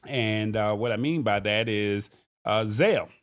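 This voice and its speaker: A man's voice: fairly low pitch, measured pace. A man hosting a tech livestream, talking casually and thanking viewers by name. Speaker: tech show host.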